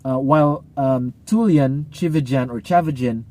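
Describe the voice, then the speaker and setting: A man's voice: medium pitch, normal speed, darkish tone. A man, a pastor, giving a casual teaching talk in a conversational way, with many fillers and restarts.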